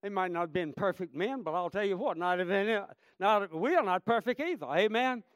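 A man's voice: high voice, lively intonation, a little fast, a bit bright, dry recording, clean studio sound. A man preaching a sermon with fervor, repeating phrases and calling out to the congregation. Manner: fervent, repetitive, calls out "Amen?" and "friend".

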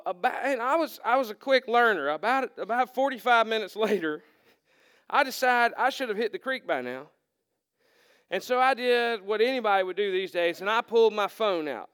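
A man's voice: sits high, fairly bright tone, clean tone, dry recording, clean studio sound. A man preaching a sermon to a congregation in a church, in a conversational storytelling way, often restarting his words. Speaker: pastor. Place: church hall before a congregation.

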